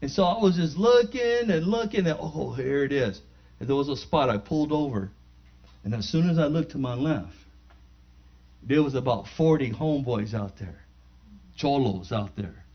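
A man giving a spoken testimony in church, animated and acting out the dialogue as he tells it. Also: medium pitch, normal speed. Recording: dull lo-fi recording.

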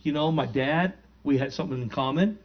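A man delivering a sermon as a relaxed, conversational story, acting out the lines of everyone in it. His voice sits a little high for a man. The recording sounds somewhat muffled and lo-fi. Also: a little fast. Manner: conversational, animated retelling with quoted dialogue. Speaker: pastor.

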